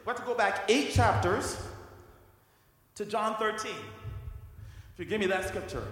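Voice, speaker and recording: A man's voice: sits high, normal speed, a bit bright. A man preaching a sermon in a conversational way, acting out scripture characters in casual slang. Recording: echoey hall with long reverb.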